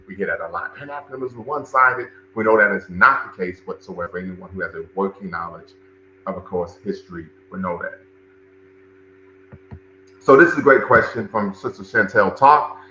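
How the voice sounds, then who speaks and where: Forceful low-voiced man hosting a livestream. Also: normal speed, reverberant, slight background noise, poor audio. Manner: emphatic, repeats phrases for stress. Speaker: livestream show host and cultural center director. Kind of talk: livestream commentary and audience chat.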